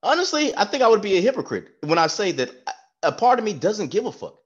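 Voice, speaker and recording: A man joins a podcast chat as a guest, telling stories with lots of swearing and a lively, swooping pitch. His voice comes through dull and lo-fi, as if over a remote line. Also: fast, breathy edge. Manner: animated, profane, storytelling. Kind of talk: casual chat.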